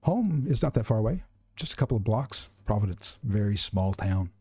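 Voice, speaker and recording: Low, calm male game master. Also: breathy edge, no room sound, clean studio sound. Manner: calm, measured narration. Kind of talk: narrating a tabletop horror game.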